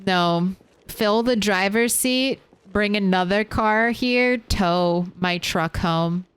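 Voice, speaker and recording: Slow-talking woman streaming a game. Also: medium pitch, smooth. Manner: chatty, reads and answers chat while playing. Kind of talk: casual gaming stream chat.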